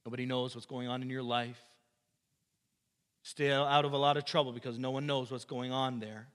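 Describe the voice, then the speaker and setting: A male pastor preaching a sermon emphatically, repeating phrases and swinging between loud and quiet. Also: mid-range voice, fairly even intonation, normal speed, clear, resonant tone, long reverb tail. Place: church.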